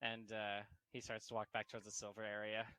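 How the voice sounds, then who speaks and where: Bright-voiced man running a tabletop game. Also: fairly low pitch, completely flat delivery, brisk, clear, resonant tone. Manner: casual, laughing, swears freely. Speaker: game master.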